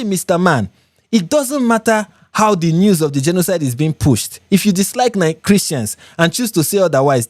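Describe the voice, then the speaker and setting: Brief: Nigerian male livestream host, emphatic, repeats lines for effect, lively delivery, dry sound. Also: on the high side, no echo. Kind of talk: live reaction commentary reading viewer comments.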